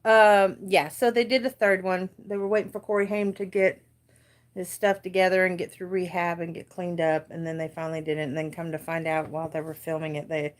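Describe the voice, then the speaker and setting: A woman's voice: on the low side, level tone, brisk. Chatty American woman streaming live from home. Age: 40s. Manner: chatty, easily distracted, laughs often. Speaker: crafting livestream host. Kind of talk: casual live chat. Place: dark room at home.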